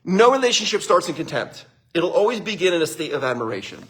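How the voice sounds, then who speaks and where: A man giving relationship advice in a live talk, chatty and animated, laughing often and speaking straight to his listeners. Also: sits high, quick pace, slightly rough.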